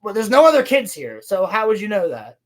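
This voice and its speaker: A woman's voice: mid-range voice, big pitch swings, fairly quick. A woman hosting a podcast, recapping a TV episode in a sarcastic, profane, mocking way. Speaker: podcast host reviewing a TV episode.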